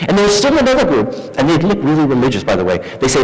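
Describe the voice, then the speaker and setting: A man's voice: a little high, wildly swooping pitch, rapid-fire, hardly any pauses. Man, pastor, preaching a sermon, acts out quoted voices, long church-hall reverb.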